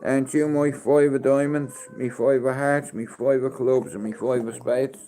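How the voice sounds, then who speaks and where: A man in his fifties on a casual live stream, mixing coaxing sing-song baby talk and sudden loud calls with rambling, heartfelt chat. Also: medium pitch, steady tone, unhurried, a little hiss or hum. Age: 50s.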